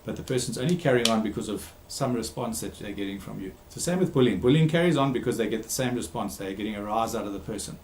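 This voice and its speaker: A man who works as a therapist gives a recorded talk, speaking emphatically, repeating key words and pausing with frequent ums. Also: on the low side, lively intonation, reverberant, a little hiss or hum. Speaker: therapist giving a talk series.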